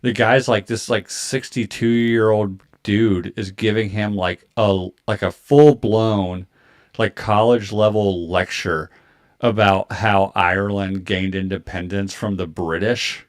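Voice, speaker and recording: A man in his thirties telling a story in casual chat, animated and full of filler words and swearing. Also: lowish voice, a little slow. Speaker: podcast co-host.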